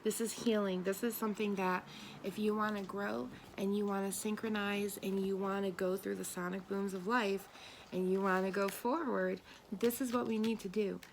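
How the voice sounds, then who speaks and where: A woman's voice: medium pitch, fairly even intonation, moderate pace, slight background noise. A woman doing a tarot and spirit reading for an audience, talking bluntly and with emphasis, swearing now and then. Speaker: tarot reader.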